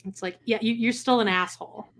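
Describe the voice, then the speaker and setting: A woman co-hosts a live stream podcast on a home mic, talking fairly quickly in a slightly high voice with fairly even intonation over slight background noise. She recaps a reality show in a casual, snarky way, quoting people and laughing often.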